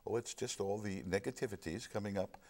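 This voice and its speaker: A man quoting a calm female meditation instructor in a soothing, reassuring way. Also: on the low side, a little fast, a little hiss or hum, pitched above the performer's own voice, natural voice.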